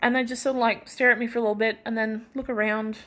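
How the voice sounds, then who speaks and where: A woman's voice: fairly high pitch, level tone, fast talker, a bit bright. A young Australian woman hosting her own podcast in casual solo chat, feverish, rambling and self-deprecating with many restarts. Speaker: podcast host.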